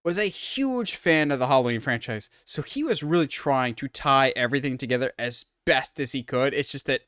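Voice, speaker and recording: Smooth-voiced opinionated podcast man. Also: mid-range voice, animated, moderate pace, fairly bright tone, no room sound, clean studio sound. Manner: opinionated, rambling film breakdown. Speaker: podcast co-host. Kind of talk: casual podcast chat.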